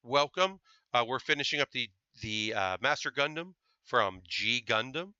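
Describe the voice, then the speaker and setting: A man's voice: mid-range voice, animated, moderate pace, pushed and bright, clear, resonant tone, no room sound, muffled recording. A man chatting casually to his live-stream viewers while building a model kit, thinking aloud with fillers. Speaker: livestreamer building model kits.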